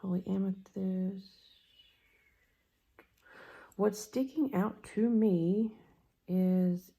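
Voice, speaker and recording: A woman giving a pick-a-card tarot reading, musing slowly and trailing off into soft murmurs as she works through the cards. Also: medium pitch.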